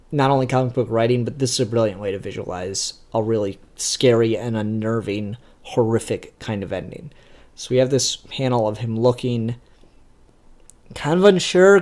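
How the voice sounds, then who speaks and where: A man's voice: mid-range voice, a little mellow. A young man giving a casual comic book review in a blunt, ranting, profane manner.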